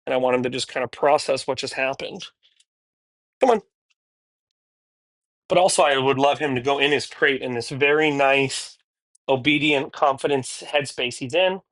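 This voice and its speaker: A man's voice: normal speed, long pauses, fairly bright tone, dry recording. Chatty, candid man training a dog. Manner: chatty and candid, switching to high, cheery praise for the dogs. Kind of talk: casual talk to camera while training a dog.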